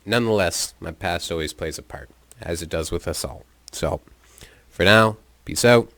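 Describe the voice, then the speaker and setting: A young man spins a story in a loose, amused way, cursing freely as he goes. His voice sits very low. The sound is dry and close, with no room echo. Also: normal speed, fairly bright tone. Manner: laid-back, profane, amused. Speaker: vlogger. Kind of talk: casual storytelling.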